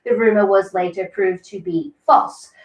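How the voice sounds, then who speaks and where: A woman narrating a scripted news report in a measured, informative way. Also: medium pitch, lively intonation, creaky. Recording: roomy, distant played-back clip.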